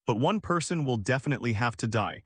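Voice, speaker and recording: A man's voice: medium pitch, animated, quick pace, fairly bright tone, slightly rough, no room sound. A man voicing a loyal, stubborn young woman who speaks firmly, in a comic recap. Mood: determined. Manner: firm and determined.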